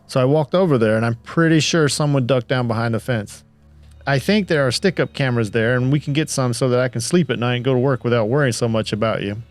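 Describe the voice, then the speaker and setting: A man's voice: medium pitch, fast, soft background music, lightly acted. Give me an earnest, worried husband for an audio story, voiced by a man. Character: worried young husband grieving his dog.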